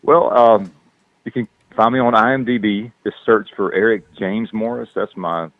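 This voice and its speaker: Deep-voiced Southern man on a phone line. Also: steady tone, moderate pace, dry recording. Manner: laid-back, rambling with fillers. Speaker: actor guest. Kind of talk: casual interview chat. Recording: tinny phone-line sound.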